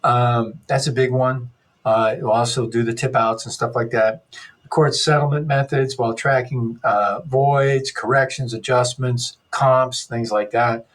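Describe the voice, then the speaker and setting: A man's voice: mid-range voice, fairly even intonation, measured pace. A middle-aged man giving an unscripted lecture as an instructor, rambling and correcting himself as he goes, with dry sarcastic asides.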